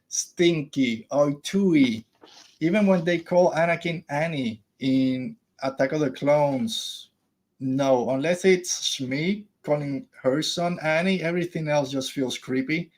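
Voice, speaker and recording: Guy in his 30s ranting casually on a podcast, blunt opinions, mid pitch voice. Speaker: podcast host.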